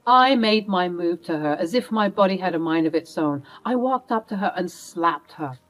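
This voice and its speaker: A woman's voice: on the low side, lively intonation, normal speed, a bit bright, soft background music, low-quality recording. A woman narrating a first-person family drama in an earnest, emotional way.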